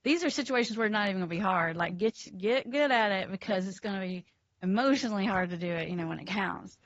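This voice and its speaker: A woman counselor talking as a podcast guest, animated and emphatic, laughing between points. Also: medium pitch, quick pace, dry recording, muffled recording. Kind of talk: casual interview chat.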